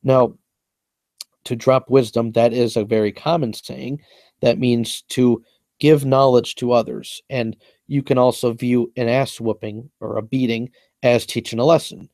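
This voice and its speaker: A man's voice: mid-range voice, steady tone, measured pace, darkish tone, no echo. A young man breaking down his own rap lyrics in a casual monologue, boastful and repetitive, going over each point at length.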